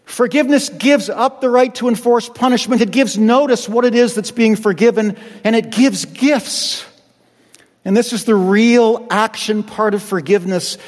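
Male pastor, sermon delivery, acts out quotes, reverberant church hall. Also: high voice. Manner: preaching with acted-out quotes.

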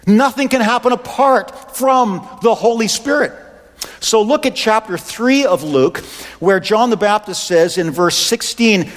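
A male pastor delivers an impassioned sermon and reads scripture passages aloud. His voice is notably high and rings with long reverb. The sound suggests a large hall. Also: unhurried.

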